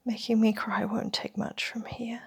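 A woman narrating an erotic story in the first person as a whispered role-play, with a breathy, intimate delivery. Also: fairly high pitch, flat delivery, normal speed.

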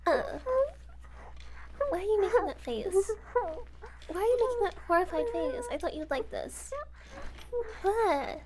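A woman's voice: very high-pitched, animated, a little slow, long pauses, a little mellow, slight background noise. A young woman voicing a cheerful, unhinged kidnapper who giggles, teases and keeps reassuring her guest. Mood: dismissive. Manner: giggly, teasing, falsely reassuring. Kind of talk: amateur audio role-play.

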